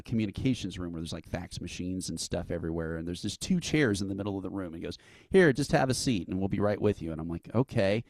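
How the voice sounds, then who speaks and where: A man's voice: sits low, no room sound. A man being interviewed as a guest, telling a long anecdote in a casual way and acting out the lines of the people in it. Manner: animated storyteller who acts out quotes with laughs. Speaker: interview guest, event founder.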